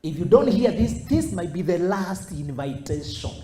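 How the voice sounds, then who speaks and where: A middle-aged man giving a motivational speech to high school students and acting out the people he quotes. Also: moderate pace. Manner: animated, acts out quoted voices. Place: school hall. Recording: echoey hall.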